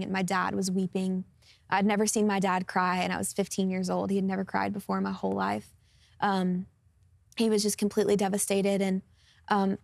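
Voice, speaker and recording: Speaking in a mid-range voice with vocal fry, a guest singer around twenty recounts her personal testimony in an interview. She's earnest and open, leaning on fillers like "um" and "like," and the clean studio sound is dry.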